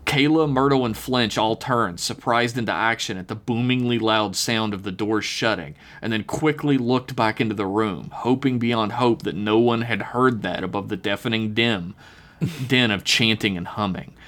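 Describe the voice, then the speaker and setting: A man reading his own written story aloud on a podcast, relaxed, slowing down on the eerie details. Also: on the low side.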